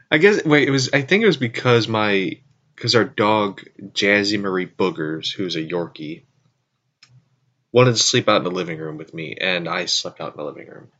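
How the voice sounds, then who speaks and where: A man's voice: fairly low pitch, animated, unhurried, pauses often, fairly bright tone, muffled recording. A man hosting his own show, telling a rambling story in a casual way and correcting himself as he goes. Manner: rambling, self-correcting, frequent asides. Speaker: show host.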